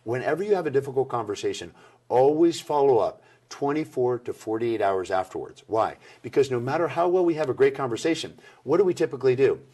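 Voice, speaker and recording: Man, middle-aged, husky, lively intonation, interview guest. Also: medium pitch, quick pace. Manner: animated, acts out quoted people. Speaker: workplace communication speaker. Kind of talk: interview answers.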